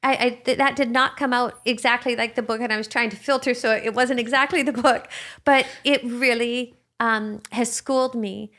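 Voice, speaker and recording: Reflective woman with a slightly high voice. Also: steady tone, normal speed, fairly bright tone. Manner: reflective, searching for words. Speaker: podcast co-host. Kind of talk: casual conversation.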